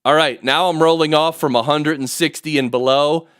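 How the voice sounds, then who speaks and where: A man teaching podcast audio production on a live stream, rambling and excitable, often interrupting himself, speaking into a studio mic in a home studio. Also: a little high, fairly quick, few pauses, clean tone, no room sound. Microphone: studio mic through audio recorder.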